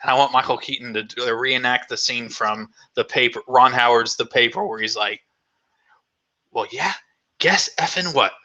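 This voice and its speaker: A man's voice: mid-range voice, little pitch movement, brisk, hardly any pauses, bright, forceful tone, highs cut off. A man vlogger hosting a live Q&A, chatting casually in a rambling, enthusiastic way with lots of fillers.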